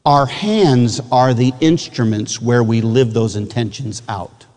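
A man in his fifties from Michigan, a pastor preaching a sermon with lively acted-out illustrations and sudden shouts. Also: medium pitch, takes it slowly, big-room sound.

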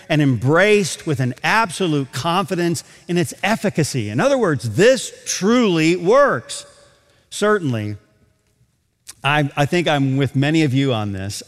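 A man preaching a sermon to a congregation, animated, slowing down to stretch key phrases. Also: fairly high pitch, long reverb tail. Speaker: pastor. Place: large auditorium.

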